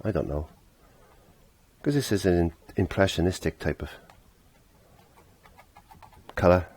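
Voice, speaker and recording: A man's voice: sits low, slow pace, darkish tone. A middle-aged man teaching a casual painting lesson, chatty and laughing at himself, trailing off when he concentrates.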